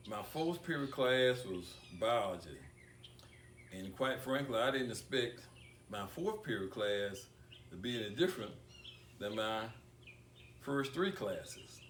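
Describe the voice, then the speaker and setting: An older man giving a tribute speech at an awards ceremony, talking deliberately with repeated words and long pauses. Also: medium pitch, lively intonation, a bit bright, slight background noise. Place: banquet hall. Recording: echoey room picked up from far off.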